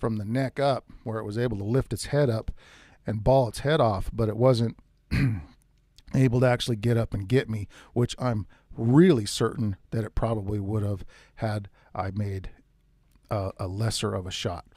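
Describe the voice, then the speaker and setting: A man telling a tense first-person hunting story in a casual, animated way, with some mild swearing. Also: lowish voice, normal speed, no echo, clean studio sound. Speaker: outdoors storyteller.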